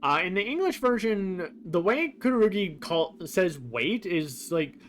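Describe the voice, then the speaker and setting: A male streamer talking through a game in a loose, rambling way, filling pauses with "uh" and "like." His voice sits a little higher than most men's, with faint noise in the background. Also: big pitch swings. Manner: rambling, many fillers like "uh" and "like". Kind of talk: casual game commentary.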